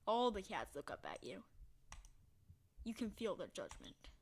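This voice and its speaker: A woman playing a text adventure, reading the story aloud in a hushed voice and breaking into loud, excited reactions. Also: mid-range voice, a little slow, long pauses, breathy edge. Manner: reads narration quietly, bursts into loud excited reactions. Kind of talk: casual let's-play narration.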